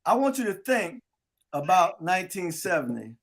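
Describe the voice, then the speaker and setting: A man hosting a sports talk show, telling animated stories to his old teammates. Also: high voice, normal speed. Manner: lively storyteller acting out quotes. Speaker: host. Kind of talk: casual storytelling with old teammates.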